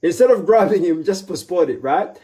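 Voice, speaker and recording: A man's voice: sits high, lively intonation, a little fast, warm tone. A man giving a live motivational talk in a conversational way, who often acts out his own inner voice and keeps checking in with his listeners. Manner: conversational, asks for agreement with repeated tags. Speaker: motivational speaker.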